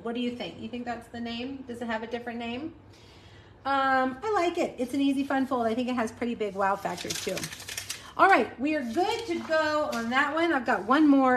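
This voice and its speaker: A woman's voice: high voice, slight background noise. A woman in her forties hosting a casual live card-making demo, chatting and talking straight to her viewers. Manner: chatty, addresses viewers as you guys.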